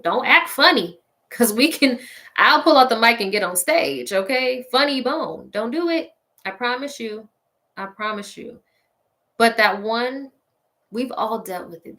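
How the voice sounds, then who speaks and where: A woman hosting a show and delivering a casual, sassy comedic rant straight to her listeners, laughing often along the way. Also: medium pitch. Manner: sassy, petty, animated ranting. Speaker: podcast host.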